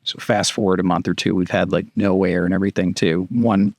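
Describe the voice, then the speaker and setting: A middle-aged man telling a story as a podcast guest, rambling and animated with many fillers and restarts. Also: deep voice, brisk, gravelly, no echo, studio quality. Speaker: podcast guest, retired army captain. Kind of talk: casual storytelling in conversation.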